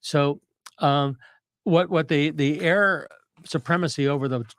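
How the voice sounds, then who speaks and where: A man's voice: a little high, measured pace, fairly bright tone. An older man, a retired Navy captain and historian, explaining military history in a rambling, detailed conversational way with frequent restarts.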